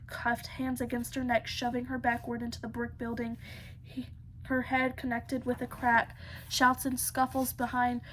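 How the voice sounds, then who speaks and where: Woman, audiobook narration, steady, fairly high, monotone. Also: slight background noise. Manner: steady, with occasional slips and restarts. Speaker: audiobook reader.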